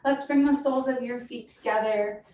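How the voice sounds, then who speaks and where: A woman fitness instructor calmly cueing a stretching class with encouraging guidance. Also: a little high, normal speed. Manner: calm, encouraging cueing with soft breathy asides. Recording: roomy, distant, dull sound with faint hiss.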